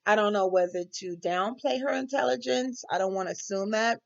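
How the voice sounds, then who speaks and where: Woman student doing a recorded reflection, lots of ums, gravelly, muffled lo-fi audio. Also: medium pitch, fairly quick. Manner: hesitant, many ums.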